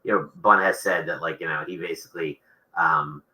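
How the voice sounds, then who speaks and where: A man's voice: low-pitched, steady tone, moderate pace, pushed and bright, poor audio. A man, an author being interviewed, talking casually and rambling with many restarts.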